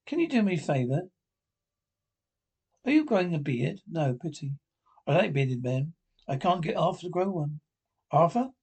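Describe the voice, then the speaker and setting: A man reading the lines of a chatty, flirtatious, genteel widowed Englishwoman in an even, scripted way. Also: fairly high pitch, moderate pace, long pauses, breathy edge, full character voice.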